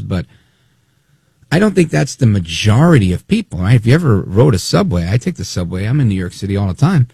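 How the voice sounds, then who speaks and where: A man hosting opinionated political talk radio, animated and snide, acting out quotes as he talks. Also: on the low side, fairly quick, vocal fry, husky, dry recording.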